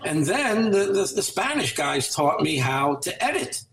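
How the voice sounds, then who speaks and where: A man's voice: high-pitched, sing-song, measured pace, gravelly, a bit bright, echoey room, rough recording. A man speaking as a guest in an interview, giving earnest, motivational advice with a coaching tone.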